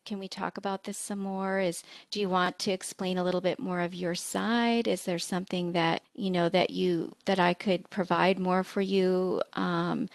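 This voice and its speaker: A woman's voice: medium pitch, no room sound. A woman co-hosting a podcast, talking in an earnest, supportive way with many "you know" fillers. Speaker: podcast co-host, nursing faculty. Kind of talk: conversational podcast discussion.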